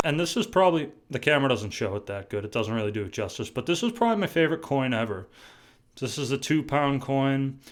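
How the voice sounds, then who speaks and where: A young man from New England chats straight to his camera in a relaxed vlog. His voice sits at an ordinary middle pitch, and he rambles with restarts and casual swearing. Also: a little fast. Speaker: vlogger.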